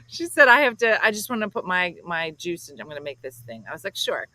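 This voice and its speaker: A woman's voice: fairly low pitch, fast talker, low-quality recording. A woman from South Jersey hosting a morning show, telling a story and acting out the voices of the people in it. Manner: animated, acts out quoted voices. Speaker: host. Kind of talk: casual comedic storytelling.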